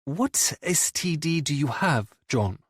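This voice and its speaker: A man voicing a prim, calm male band manager with a crisp, clipped British accent in an audiobook. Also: a little high, takes it slowly, no room sound, studio quality, pitched above the performer's own voice, full character voice. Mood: exasperated. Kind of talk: audiobook character voice.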